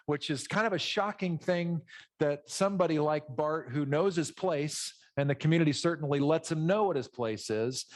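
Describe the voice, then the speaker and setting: A middle-aged man preaching a conversational, animated sermon, teaching from a Bible passage and acting out voices in asides. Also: medium pitch. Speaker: pastor.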